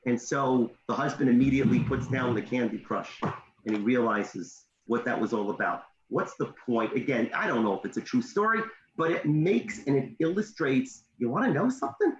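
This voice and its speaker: A man and motivational speaker giving parenting advice in an animated storytelling way on a video call. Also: mid-range voice, echoey room, highs cut off, slight background noise. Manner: animated, with emphatic pauses and tips.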